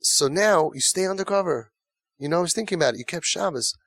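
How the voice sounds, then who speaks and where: A man's voice: on the high side, quick pace, gravelly, no room sound, clean studio sound. A man lecturing parents as a parenting coach. He talks emphatically and repeats words for stress. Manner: emphatic, repetitive, animated.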